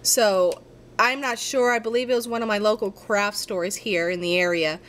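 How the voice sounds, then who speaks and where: A woman's voice: medium pitch, fairly even intonation, moderate pace, fairly bright tone, slight background noise. Chatty woman talking through a craft. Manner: chatty, talks to herself while crafting, apologetic. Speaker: craft tutorial maker. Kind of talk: casual crafting tutorial.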